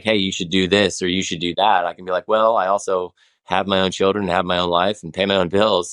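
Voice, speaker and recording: A man in his forties appears as a podcast guest in a casual conversation, his low voice a bit bright. He talks passionately and ramblingly, restarting often.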